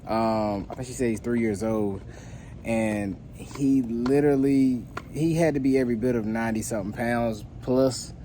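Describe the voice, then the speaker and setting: A man's voice: mid-range voice, moderate pace, a little hiss or hum. Laid-back man telling a story. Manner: relaxed, rambling with many fillers and restarts. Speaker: dog trainer. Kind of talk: casual storytelling to camera.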